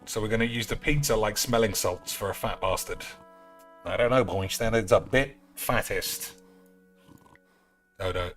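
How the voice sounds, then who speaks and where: A man's voice: lowish voice, moderate pace, pauses often, fairly bright tone, faint music behind. A man giving crude, joking commentary as he plays a game and talks to his viewers. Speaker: streamer. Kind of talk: casual gaming commentary.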